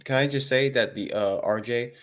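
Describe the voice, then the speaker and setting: A man hosting a casual movie panel, easygoing and quick to laugh. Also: mid-range voice, a bit bright. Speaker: panel host running the game rounds. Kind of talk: casual group chat.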